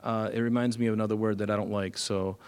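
A man's voice: lowish voice, level tone, fast, a little mellow, clear, resonant tone. Man, pastor, casual storytelling sermon with asides, shifting volume.

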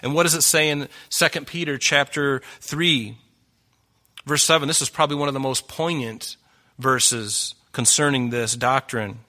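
A man's voice: mid-range voice, steady tone, normal speed, bright, forceful tone. A middle-aged man preaching a sermon, earnest and pleading, his voice rising for emphasis.

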